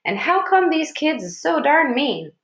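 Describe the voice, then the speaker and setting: A woman's voice: high voice, sing-song, a little slow, a bit bright, voice pushed up, heavily acted. A woman voicing a talkative, friendly country boy with an Arkansas drawl. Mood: eager. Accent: Southern US (Arkansas). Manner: rural drawl, eager chatter. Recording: roomy echo.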